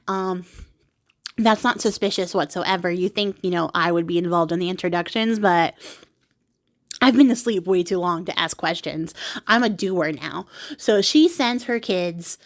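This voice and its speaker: A woman's voice: lowish voice, normal speed. A woman, a craft vlogger, casually retelling a fairy tale while crafting, with giggles, sarcasm and lots of fillers.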